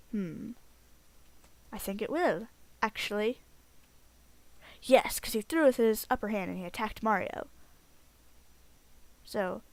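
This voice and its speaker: A woman giving casual gameplay commentary as a let's play host, chatty and rambling, getting excitable at game events. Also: medium pitch.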